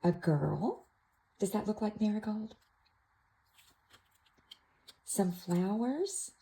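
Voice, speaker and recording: A woman gently showing an activity book to toddlers, naming pictures in a soft, sing-song way. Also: medium pitch, very animated, slow pace, vocal fry, low-quality recording. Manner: soft, sing-song, with playful animal sounds. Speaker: toddler class teacher. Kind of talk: slow, gentle show-and-tell for toddlers.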